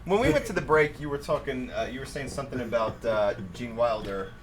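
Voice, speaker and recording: A man's voice: mid-range voice, animated, fairly quick, crowd noise. A man in his thirties hosts a casual talk show, making crude jokes and pushing the guests with requests. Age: 30s. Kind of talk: casual chat.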